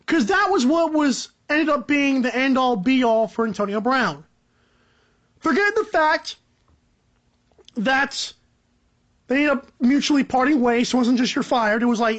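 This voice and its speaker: A young man hosting a solo sports podcast, ranting in a rambling, animated, joking way. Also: measured pace, long pauses, dull audio. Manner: animated, rambling, joking, pitch jumps up for emphasis. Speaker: podcast host.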